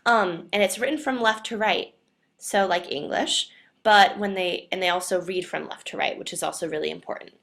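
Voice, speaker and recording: A woman's voice: medium pitch, normal speed, gravelly, fairly bright tone. A young woman presenting to a class, explaining points in an earnest way and leaning on the word "definitely". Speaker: student presenter.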